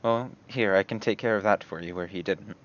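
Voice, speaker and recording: A gentle, well-mannered woman cleric speaks softly and properly, asking after others with quiet concern, as a man puts her on. The voice stays fairly low. The recording is muffled and lo-fi. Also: a little fast, natural voice. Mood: polite concern. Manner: soft, concerned, proper phrasing.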